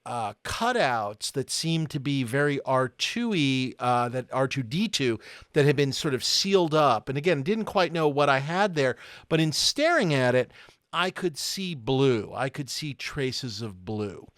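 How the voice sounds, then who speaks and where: A man's voice: mid-range voice, expressive, measured pace, fairly bright tone, dry recording, clean studio sound. A man co-hosting a podcast, telling stories casually with many hesitations and fillers. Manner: hesitant, filler-heavy storytelling. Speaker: podcast co-host and prop collector. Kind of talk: casual chat.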